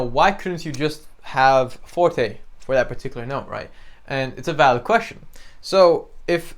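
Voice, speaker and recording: Young male piano teacher, casual explainer, smooth clear voice, conversational check-ins. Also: medium pitch. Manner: chatty, explains with many "right?" and "you know", sings examples. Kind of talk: casual spoken lesson.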